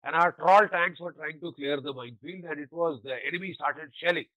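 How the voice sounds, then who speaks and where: A man's voice: a little high, brisk, no room sound, narrow, tinny audio. An older man with an Indian English accent, a retired army general telling war stories as an interview guest, acting out the dialogue and often adding "you know". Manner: animated storyteller, acts out quoted dialogue, often adds "you know". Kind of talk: war storytelling.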